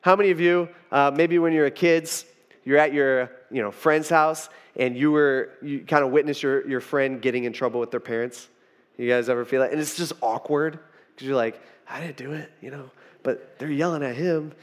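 A man's voice: mid-range voice, fairly even intonation, normal speed. A man preaching a casual storytelling sermon, chatty and full of fillers, acting out the quotes. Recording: reverberant hall.

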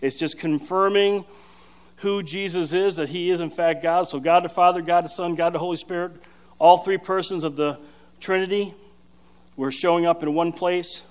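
A man preaching a sermon, explaining scripture in an emphatic, energetic way with frequent fillers and restarts. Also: high voice, moderate pace. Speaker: pastor.

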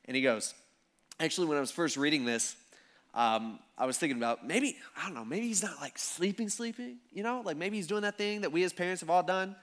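A pastor in his thirties tells a sermon like a casual story, chatty and self-deprecating. His voice sits on the higher side for a man, and he slips into little acted-out voices for the people in his stories. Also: lively intonation, a little fast, fairly bright tone.

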